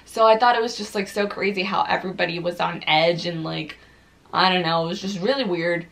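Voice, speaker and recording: A woman's voice: on the low side, fairly even intonation, fairly quick, creaky, fairly bright tone. A young woman vlogger telling a story casually while eating, chatty and full of "like"s, swearing freely.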